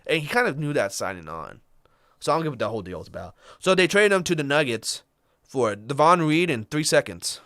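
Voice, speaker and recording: A man's voice: fairly high pitch, sing-song, a bit bright, no room sound. Man, podcast co-host, casual sports talk, trade rundown, dry close sound. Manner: rundown of trades, fillers and quick asides.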